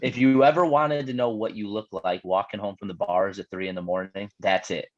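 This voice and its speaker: A man's voice: lowish voice, steady tone, fairly quick, no echo, highs cut off. A man on a casual podcast, cracking slangy jokes and giving race analysis. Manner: wisecracking, slangy.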